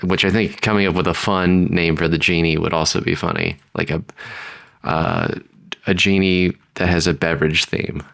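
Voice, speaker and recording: A young man co-hosting a storytelling podcast, pitching story ideas in a rambling chat full of "like" fillers. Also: steady tone, moderate pace, vocal fry, a bit bright. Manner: rambling, many "like" fillers, bursts into high comic voices. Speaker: podcast co-host. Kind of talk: casual brainstorming chat.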